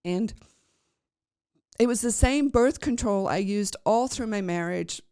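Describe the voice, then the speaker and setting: A woman's voice: medium pitch, measured pace, dark tone, clean tone, no room sound, studio quality. A woman podcast host telling a personal story in a chatty, rambling way, with many fillers and restarts.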